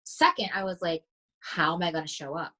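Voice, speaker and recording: Speaking fairly quickly in a fairly low, sharp-toned voice, this woman is a mindset coach guesting on a podcast. She chats casually, recounting stories with animation and performing the lines she quotes. The audio is low quality.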